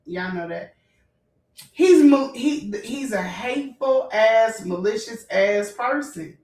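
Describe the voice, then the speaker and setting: A fired-up woman with a fairly high voice and rants to her viewers. She is blunt and profane, and her emotional telling rings in an echoey room. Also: animated, slow pace, darkish tone, recorded from a distance. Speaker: vlogger. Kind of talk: heated storytime rant.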